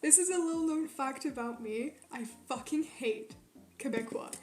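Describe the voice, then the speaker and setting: Young woman streamer, bright high voice, rambling and foul-mouthed, echoey room. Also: moderate pace, faint music behind. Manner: rambling, swears a lot, ranting. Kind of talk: casual chat with live chat. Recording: roomy echo.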